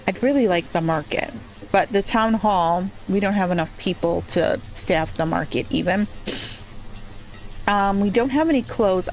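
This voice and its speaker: A woman casually commenting as she plays a settlement-building game, thinking aloud slowly with frequent pauses and ums. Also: mid-range voice. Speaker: gameplay streamer. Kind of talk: casual let's-play commentary.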